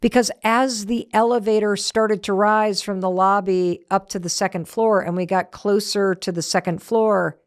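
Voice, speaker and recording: A woman's voice: mid-range voice, fairly even intonation, normal speed, hardly any pauses, no room sound. Woman host, motivational talk, emphatic storyteller, dry close sound.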